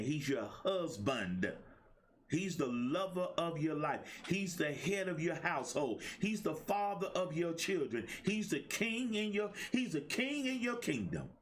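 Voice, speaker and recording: A middle-aged man hosting a motivational livestream, talking in a preachy call-and-response style. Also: a little high. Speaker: host and life coach.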